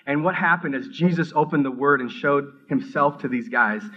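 A middle-aged man from the Minneapolis area telling his personal faith testimony, earnest and halting, often restarting his sentences as his excitement builds. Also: on the high side, highs cut off. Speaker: seminary student giving testimony.

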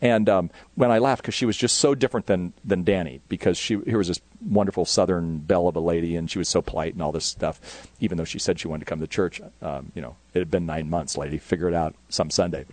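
A man's voice: low-pitched, steady tone, quick pace, a little mellow, no room sound. A man speaking casually to youth workers at a conference, rambling with lots of fillers.

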